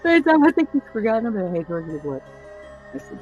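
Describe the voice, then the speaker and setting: Show host, woman with a gravelly, low-pitched voice, crude and laughing, acting out lines, faint music underneath. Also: very animated, fast, darkish tone, rough recording. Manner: crude, laughing storyteller who acts out other people's lines. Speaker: podcast host. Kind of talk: casual chat.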